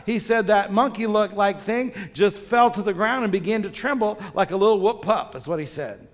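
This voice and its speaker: A man's voice: sits high, normal speed, few pauses. A man preaching a sermon, emphatic, repeating phrases and asking the congregation questions. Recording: long reverb of a large church hall.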